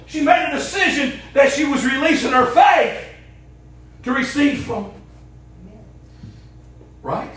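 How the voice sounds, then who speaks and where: Middle-aged preacher, very high voice, folksy, impassioned call-and-response sermon, roomy echo. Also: male voice, animated, slow pace, long pauses. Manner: impassioned, rising to shouts, folksy. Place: church.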